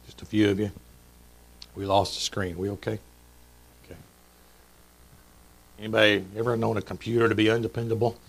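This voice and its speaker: A man's voice: lowish voice, fairly bright tone, rough recording. A middle-aged man preaching a sermon in a church, chatty and joking, quizzing the congregation. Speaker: pastor. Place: church sanctuary.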